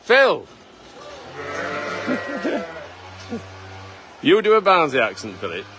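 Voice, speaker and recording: A farmer hosting a live stream chats casually and teases his colleagues, often restarting his sentences. He speaks at normal speed in a medium-pitched voice against a noisy background.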